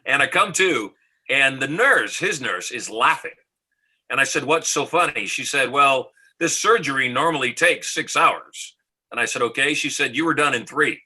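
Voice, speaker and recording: A middle-aged American motivational speaker guests on a podcast, telling a story with confidence and dramatizing the dialogue. His mid-range voice is bright, forceful, and husky, with lively intonation at a moderate pace, though the audio is poor.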